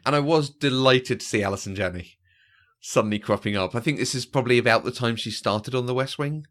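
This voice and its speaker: A man co-hosting a film podcast in casual chat, animated and fond of acting out lines. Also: mid-range voice, brisk. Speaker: podcast co-host. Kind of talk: casual chat about films.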